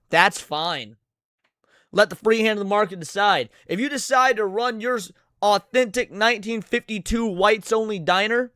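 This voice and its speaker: A man rants over a clip as a reaction streamer, swearing hard and tripping over repeated words. His voice sits high, and the mic sounds close and dry with no room around it. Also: a bit bright, clean tone, dry recording. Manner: ranting, heavy swearing, stammering repeats. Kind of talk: profane reaction commentary.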